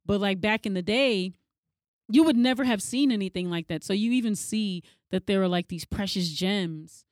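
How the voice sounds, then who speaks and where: A woman co-hosting a casual chat, telling stories with lively energy and acting out what others said. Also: normal speed, dry recording, clean studio sound. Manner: animated storyteller, acts out quotes in a high voice.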